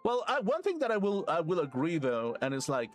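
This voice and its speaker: A man's voice: a little high, huge pitch swings, brisk, faint music behind. A man streaming a game and ranting casually, rambling and swearing as he goes. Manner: rambling, profane, laughs to himself. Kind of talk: casual rambling rant while gaming.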